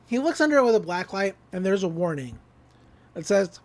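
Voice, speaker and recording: A podcast host recaps a cartoon episode in her mid-range, sing-song voice, moving at a brisk clip. She's casual, chatty and enthusiastic, and her talk is full of fillers.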